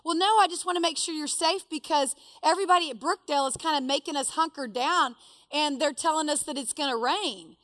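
A woman voicing her sweet, fretful elderly mother-in-law in gentle, worried tones. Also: sits high, fairly quick.

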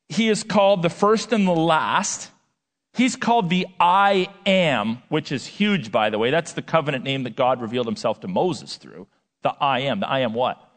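Animated male pastor in a reverberant hall. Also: on the high side. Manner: animated, conversational preaching with rhetorical questions. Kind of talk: sermon.

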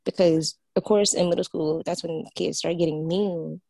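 Low-voiced woman teacher, dry sound. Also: fairly even intonation, vocal fry, dark tone, no room sound. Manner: earnest, speaks up for her view, quick to laugh. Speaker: middle school teacher, podcast guest. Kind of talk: casual chat.

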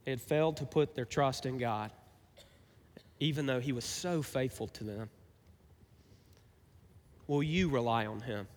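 A man's voice: medium pitch, a little slow, pauses often, in a large hall. A man preaching a sermon as pastor, talking conversationally and asking his listeners rhetorical questions.

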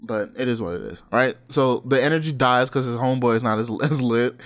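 Young male co-host, loose storyteller who laughs a lot and acts out what others said. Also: brisk. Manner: animated, laughing, acts out quotes with sudden pitch jumps. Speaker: podcast co-host. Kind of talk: casual storytelling chat.

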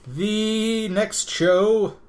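A man's voice: high voice, fairly even intonation, very slow. A man co-hosting a podcast, running through news items in casual chat with laughs and fillers. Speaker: podcast co-host.

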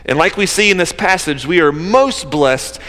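A man's voice: fairly high pitch, lively intonation, moderate pace, bright, forceful tone. A man preaching a sermon, earnest and conversational, at times rising to fervent emphasis. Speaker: pastor. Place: church service. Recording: long reverb of a large hall.

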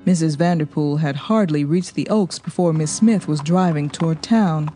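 A woman reads a novel aloud in a mellow, fairly low voice, steady and measured as she carries the story. Soft music hums faintly behind her narration. Her delivery stays even and unhurried. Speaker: audiobook narrator. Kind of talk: scripted narration.

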